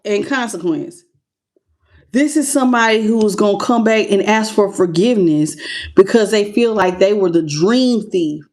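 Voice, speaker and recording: A woman reading tarot cards live on her channel, greeting viewers by name and calling them baby with animated excitement. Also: medium pitch. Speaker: tarot reader.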